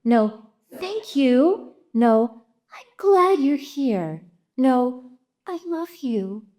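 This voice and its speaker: A woman's voice: high-pitched, sing-song, extremely slow, mellow, pitched above the performer's own voice, full character voice. A woman voicing an exasperated female poodle wife, tart and sarcastic, reading aloud at a live storytelling event.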